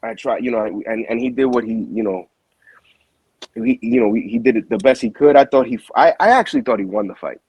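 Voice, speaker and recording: A boxing manager tells his story in loose, slangy talk and keeps restarting his sentences. His voice is husky. The sound is close and dry. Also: medium pitch, fairly quick, no echo, low-quality recording. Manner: animated storyteller, heavy slang, frequent restarts. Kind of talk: casual interview storytelling.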